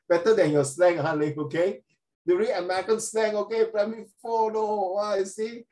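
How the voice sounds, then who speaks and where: An older man, teaching a lesson in a chatty, animated way and dropping in Chinese tag words. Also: high voice, moderate pace, low-quality recording. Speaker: tutor. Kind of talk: online English lesson.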